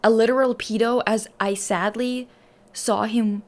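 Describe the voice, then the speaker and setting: Her voice is on the high side with fairly even intonation, and she doesn't rush. As a young adult streamer hosting a casual chat, she reads stories out and reacts to them bluntly, swearing frequently.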